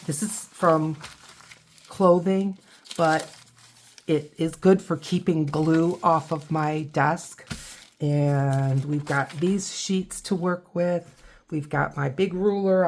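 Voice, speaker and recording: A woman's voice: sits low, a little hiss or hum. An older woman from the Midwest, chatting casually as she walks through a craft tutorial, rambling and correcting herself as she goes. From Ohio and Michigan, USA. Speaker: craft channel host.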